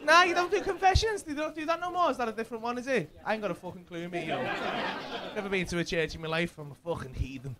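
On a club stage, a man does brash, sweary crowd work as a stand-up comic, teasing the audience with fast, expressive delivery in a high-sitting voice. The live club audio picks up crowd laughter and noise.

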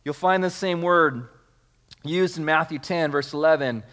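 A pastor delivering a sermon in a fairly high male voice. He reads the scripture out, then builds his point by repeating key words and stopping to restart phrases. He calls on the congregation to say lines with him. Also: unhurried, fairly bright tone.

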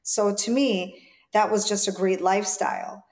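A woman's voice: medium pitch, normal speed. A woman in her forties from Jamaica with a light Jamaican accent, a stylist telling childhood stories in an interview, acting out the voices of people she quotes. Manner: lively storyteller, acts out quoted voices. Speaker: stylist guest. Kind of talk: interview storytelling.

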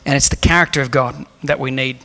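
A man's voice: mid-range voice, fairly even intonation, quick pace, sharp tone, faint music behind. A man preaching a sermon as pastor in a church, earnest and emphatic, asking the room rhetorical questions. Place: church hall.

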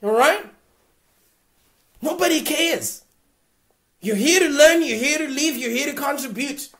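A woman with a high voice hosts a live Q&A advice show. She speaks bluntly and with force, often pushing her voice close to a shout. She keeps checking in with her listeners. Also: animated, a little slow. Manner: blunt, emphatic, often raising voice to a near shout; keeps checking in with "all right?". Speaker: host.

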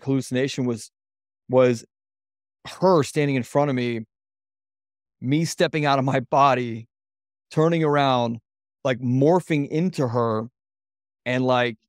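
A man's voice: mid-range voice, dry recording, clean studio sound. A man, a podcast guest and men's coach, telling a personal story in an earnest, openly emotional way, rambling loosely with many "like" fillers.

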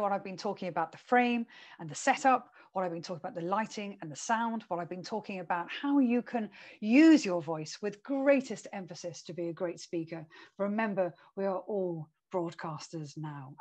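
A woman who runs a communications consultancy, talking straight to a webcam and giving emphatic tips on presenting. She shifts on purpose between lively, energetic stretches and quiet, slower ones. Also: on the low side. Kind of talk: coaching talk straight to camera. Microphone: webcam setup while she watches herself on screen.

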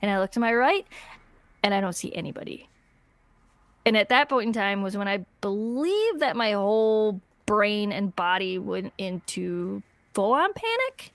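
A woman co-hosting a podcast, telling a story in casual chat, animated and laughing often as she acts out what people said. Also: mid-range voice, measured pace. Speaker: podcast co-host.

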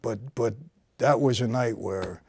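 A man tells a gripping story from his own life in easy conversation. His voice sits at a middle pitch and often sinks low and quiet as the tension builds. The recording is close and dry, in a studio setting. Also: a little slow, vocal fry, slightly rough, no room sound. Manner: vivid storytelling, drops to a low quiet voice for tense moments. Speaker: host telling a personal story.

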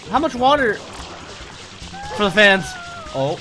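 A young man streaming a video game, reacting with excitable, profane commentary and talking back at the screen. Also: a little high, normal speed, pauses often. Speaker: gaming streamer. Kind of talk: casual live-stream gameplay commentary. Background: game music.

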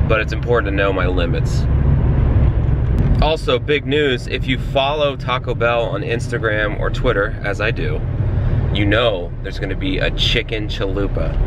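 A man's voice: on the low side, heavy background noise. A young man casually vlogging about his day, joking and teasing himself. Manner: jokey, self-mocking, playful with his toddler. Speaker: vlogger and dad. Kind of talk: casual vlog chat.

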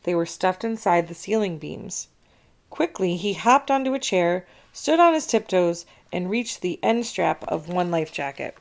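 A woman reading a children's chapter book aloud in an expressive, animated way. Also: on the low side, a little slow, vocal fry. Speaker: storybook reader. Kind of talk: children's read-aloud narration.

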